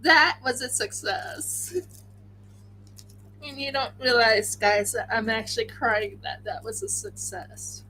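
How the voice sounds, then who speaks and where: A woman with a bright, fairly high voice chats unhurriedly through a crafting livestream. She sounds tired but excitable, and she keeps muttering to herself while she works. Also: takes it slowly, a little hiss or hum, low-quality recording. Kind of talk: casual chat while crafting.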